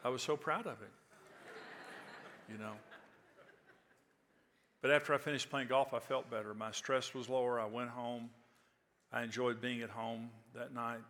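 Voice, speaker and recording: A man's voice: medium pitch, steady tone, normal speed, long pauses, a bit bright, long reverb tail. A man in his sixties preaching a sermon, telling stories in a conversational way that rises to emphatic peaks. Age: 60s. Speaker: pastor. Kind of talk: sermon with storytelling.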